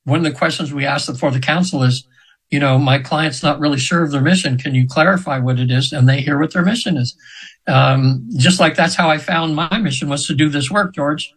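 A hypnotherapist in his seventies guests on an interview and tells stories briskly and casually, meandering with fillers and restarts and sometimes acting out quoted voices. His fairly high, fairly bright voice has a breathy edge, and the recording is rough.

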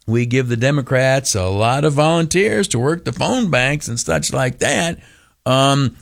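A man's voice: mid-range voice, dry recording, clean studio sound. Sex: male. Role: talk radio host. Style: opinionated political commentary. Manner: rambling, folksy, sarcastic, full of "uh"s.

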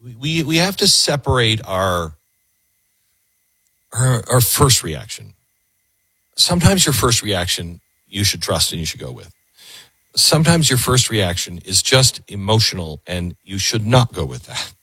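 A man's voice: lowish voice, sing-song, unhurried, pauses often, bright, forceful tone, slightly rough, no echo. A man hosting a call-in radio talk show, speaking earnestly into a studio microphone and often repeating words as he thinks aloud.

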